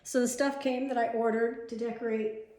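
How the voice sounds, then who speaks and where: A woman's voice: fairly high pitch, level tone, normal speed, mellow. A middle-aged woman vlogging at home, chatting casually to the camera with rambling asides and the odd swear word. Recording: echoey room.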